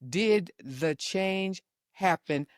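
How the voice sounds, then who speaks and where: Middle-aged mom as guest; articulate, good-humored, mid-range voice, dry mic. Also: female voice, on the low side, lively intonation, very slow, no echo. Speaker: guest, host's mother. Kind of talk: casual chat.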